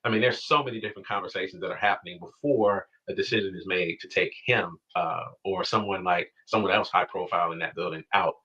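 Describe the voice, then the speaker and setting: Man, former prison worker, bright sharp tone, measured explanation. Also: low voice, breathy edge. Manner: measured, explanatory, many fillers. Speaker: former prison official interviewed on news. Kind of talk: news interview. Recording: dull lo-fi news clip.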